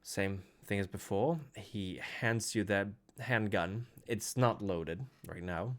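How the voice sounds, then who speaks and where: A man narrates a tabletop role-playing session as game master, thinking aloud and pausing as he goes. His voice sits low and deep. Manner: hesitant, thoughtful narration with fillers.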